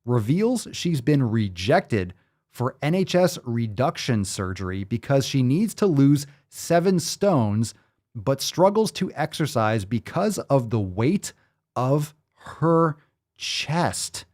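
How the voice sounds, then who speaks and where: An American man hosting a casual commentary show, reading news stories and riffing on them with profane, animated remarks. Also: mid-range voice, slow pace. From United States. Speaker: host.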